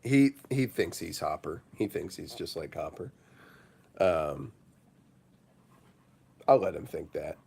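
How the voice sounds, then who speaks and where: A man's voice: deep voice, lively intonation, slow, vocal fry, long pauses, a little mellow, slightly rough. A man hosting a casual morning livestream, rambling with lots of fillers and breaking into laughter. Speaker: livestream host.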